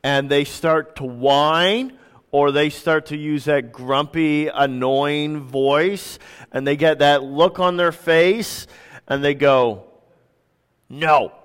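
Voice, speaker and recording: A man in his thirties, a pastor preaching a sermon with relaxed, self-deprecating stories. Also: on the high side, slow pace, clear, resonant tone. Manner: conversational, self-deprecating storytelling. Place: church sanctuary. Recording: reverberant church hall.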